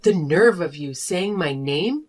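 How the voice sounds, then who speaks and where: A woman voicing a furious wife and mother who confronts her selfish husband in an animated drama. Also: fairly low pitch, slow pace. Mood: confrontational. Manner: sharp, accusing, confrontational. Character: fed-up wife and mother demanding divorce. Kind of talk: animated story voice acting.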